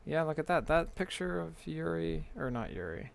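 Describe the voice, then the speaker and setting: A man's voice: a little high, very animated, normal speed, creaky. A man giving casual, chatty commentary while playing a video game, reacting aloud to what happens on screen. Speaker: gamer streamer. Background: game music.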